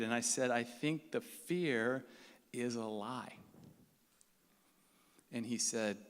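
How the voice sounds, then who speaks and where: A man's voice: on the low side, normal speed. A man telling a story to a live audience in a conversational way, acting out the lines of the people in it. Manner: conversational, acts out quoted dialogue. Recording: reverberant hall sound.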